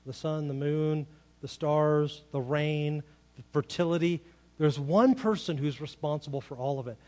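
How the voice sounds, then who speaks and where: In an unhurried, slightly mellow voice of fairly high pitch, this pastor preaches conversationally. Rhetorical questions and dramatized quotations run through his sermon.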